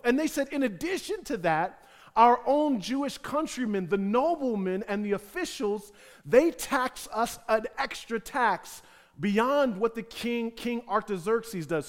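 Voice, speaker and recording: A man preaching a sermon as pastor, animated, acting out the voices of the people in the text. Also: high voice, in a large hall.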